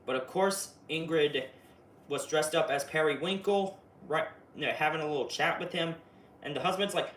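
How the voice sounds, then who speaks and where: A man giving a chatty, excitable spoiler recap of a TV episode, full of fillers and asides. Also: on the high side, normal speed, slight background noise. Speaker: video reviewer. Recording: roomy, distant mic, faint ambience.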